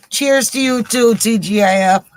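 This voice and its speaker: A woman hosting her weekly joke segment on a live stream, chatting and greeting viewers by name. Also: medium pitch. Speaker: comedy show host. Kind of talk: casual live-stream chat.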